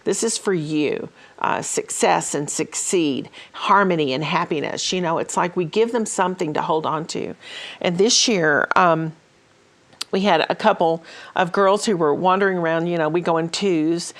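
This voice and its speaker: A woman's voice: fairly low pitch, moderate pace. A woman hosting a ministry talk show, telling stories in a casual way with many fillers and restarts. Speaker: host.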